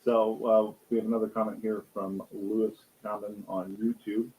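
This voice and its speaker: A man co-hosts a livestream Q&A, reading comments and setting up clips. His voice sits fairly low. He speaks hesitantly, with frequent pauses and fillers. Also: little pitch movement, a little mellow, rough recording. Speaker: co-host reading viewer comments. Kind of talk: livestream Q&A talk.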